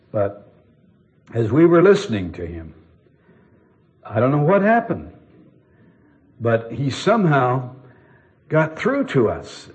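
A preacher acting out a flustered, apologetic temple officer. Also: male voice, a little high, darkish tone, pitched above the performer's own voice, full character voice. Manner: hesitant, earnest storytelling.

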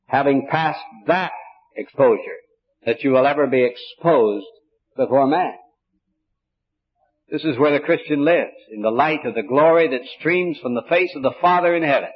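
A man preaching a sermon, teaching in a measured, earnest way with frequent restarts. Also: medium pitch, slightly rough, dull audio.

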